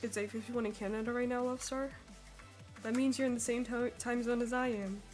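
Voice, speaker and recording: A young woman with an American accent, chatting with her live-stream audience while she draws, bubbly and quick to laugh. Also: on the high side, fairly even intonation, darkish tone, faint music behind. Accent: General American. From Sweden. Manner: bubbly, giggly, reads chat aloud. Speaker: artist streamer.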